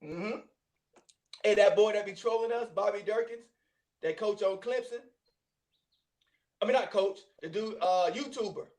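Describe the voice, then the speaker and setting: A man hosting a casual sports chat, slangy and quick to laugh. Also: high voice, a little mellow. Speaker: host.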